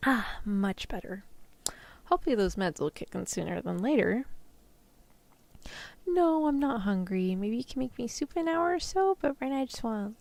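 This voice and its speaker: A woman voicing a sick young human woman talking softly to her vampire boyfriend, in a whispered role-play. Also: on the high side, big pitch swings, moderate pace, vocal fry, no echo. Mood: tired, affectionate. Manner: soft, apologetic, affectionate. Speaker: vtuber.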